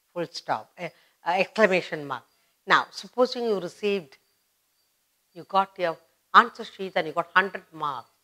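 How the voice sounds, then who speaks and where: A woman teaching a grammar lesson to children, speaking patiently and repeating each example sentence. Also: mid-range voice.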